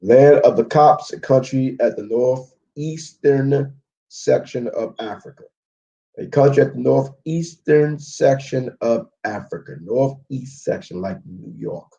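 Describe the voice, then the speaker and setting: Man, Bible teacher, slow unhurried delivery, dull lo-fi audio. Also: medium pitch, gravelly, dark tone. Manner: checks in with frequent "okay?"; walks through maps and word studies on screen. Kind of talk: live Bible history lesson.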